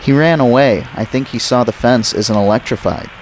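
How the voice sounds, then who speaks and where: A man's voice: mid-range voice, moderate pace, slight background noise, voice pushed up, lightly acted. A man voicing a scared young boy giving orders to his sister in a storybook reading. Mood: urgent.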